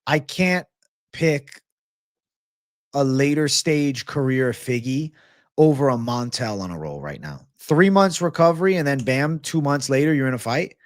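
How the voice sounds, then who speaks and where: A man's voice: medium pitch, animated, unhurried, no room sound, studio quality. A man hosting a live sports betting show, chatting casually and swearing freely while he talks straight to his live chat. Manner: laid-back, slangy, swears freely.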